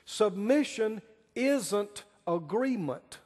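Delivering a sermon, a male pastor speaks in a high voice that swoops up and down dramatically, with a darkish, expressive tone. He goes very slowly, drawing out key words and putting questions to the congregation, while a large hall gives the sound a long echo.

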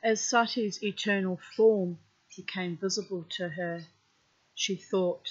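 A woman storyteller reading a myth aloud outdoors in a calm, unhurried way. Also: mid-range voice, slightly rough. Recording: dull lo-fi recording.

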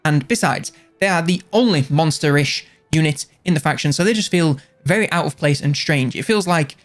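Guy rambling about a video game, jokey, fixes his own words, voice on the higher side. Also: normal speed, soft background music. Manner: rambling, jokey, self-correcting. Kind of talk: casual commentary.

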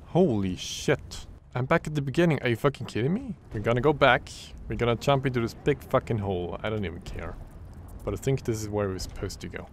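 A man giving horror game let's play commentary, excitable and jokey, swearing often. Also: mid-range voice, a little fast, slight background noise. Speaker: gaming channel host.

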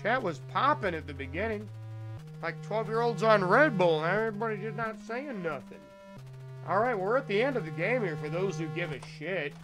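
A man with a fairly high voice plays old console games on stream, tossing out jokes and talking to his chat as he goes. Game music plays clearly under his voice. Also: animated, poor audio. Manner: joking, talks to chat, quick asides. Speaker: streamer playing retro games. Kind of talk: casual gameplay commentary.

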